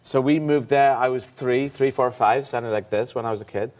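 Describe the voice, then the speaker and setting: A man, a talk show guest, telling a lively, halting story in a casual interview. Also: mid-range voice. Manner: lively storytelling with many hesitations.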